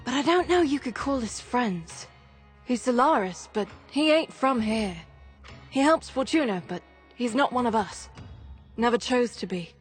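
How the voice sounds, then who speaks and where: An actress playing a gruff, seasoned woman who leads a workers' union in a video game; she talks in blunt, clipped, weary lines. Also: on the high side, expressive, unhurried, soft background music. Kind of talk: video game character dialogue.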